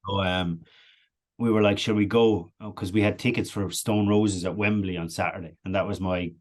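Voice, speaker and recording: A man with an Irish accent spins a long, rambling anecdote, his voice sitting a little low. He talks casually and keeps breaking into laughter as he goes. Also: normal speed. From Ireland. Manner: animated anecdotal, laughs often. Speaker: podcast guest. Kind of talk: casual storytelling.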